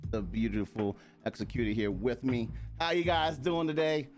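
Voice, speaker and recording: A man's voice: mid-range voice, fairly even intonation, moderate pace. A man from Maryland hosting a casual chat over drinks, upbeat and chatty, laughing easily. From Maryland, USA. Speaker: podcast host.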